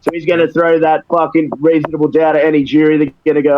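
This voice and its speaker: A man's voice: fairly high pitch, flat delivery, quick pace, phone-quality sound. A man ranting profanely and heatedly in a casual podcast chat. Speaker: wrestler guest.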